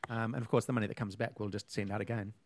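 A man's voice: lowish voice, steady tone, fast talker, no echo. A man, co-hosting a casual chat and rambling with lots of fillers and restarts. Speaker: podcast co-host.

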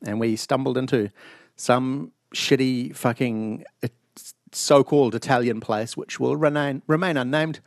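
Profane, animated New man, gravelly. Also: medium pitch, unhurried, no echo, clean studio sound. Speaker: podcast host. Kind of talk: casual chat. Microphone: online call mic.

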